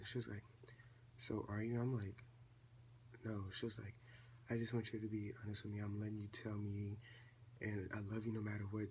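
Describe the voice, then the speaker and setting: Gravelly-voiced teenage guy telling a story. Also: lowish voice, slight background noise. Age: late teens. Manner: chatty, animated retelling with quoted dialogue. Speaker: vlogger. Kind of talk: casual storytime vlog.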